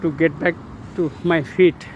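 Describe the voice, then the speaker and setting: A man in his sixties with an Indian English accent gives a casual motivational talk outdoors, halting often on drawn-out fillers. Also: a little high, fairly even intonation, lo-fi sound. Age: 60s. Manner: earnest, uplifting. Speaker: channel host. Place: outdoors near a road. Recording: outdoor traffic noise behind.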